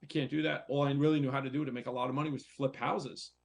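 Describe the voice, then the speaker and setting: Gravelly guy, investor coach, telling a personal story on a talk show, candid and repetitive. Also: medium pitch, little pitch movement, quick pace. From United States. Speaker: real estate investor and coach.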